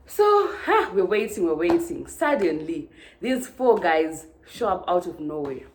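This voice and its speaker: A woman from Zimbabwe, telling a storytime vlog in an animated way and acting out the dialogue. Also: fairly low pitch, takes it slowly, slight background noise. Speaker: vlogger.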